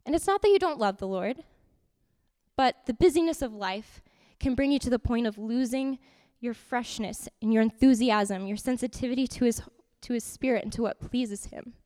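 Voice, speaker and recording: A woman giving an interactive youth sermon in a church hall, lively and repeating her points to keep the group's attention. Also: fairly high pitch, normal speed. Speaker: youth teacher. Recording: long hall reverb.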